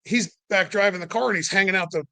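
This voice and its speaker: A man's voice: sits high, fast, vocal fry, bright, forceful tone, dry recording, rough recording. A young man telling a racing story in loose, rambling casual chat, full of "like" and "you know". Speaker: podcast guest.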